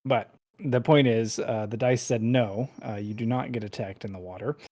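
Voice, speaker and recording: A man's voice: medium pitch, fairly even intonation, moderate pace, a little mellow. A man narrating as game master in a casual, rambling way with many fillers.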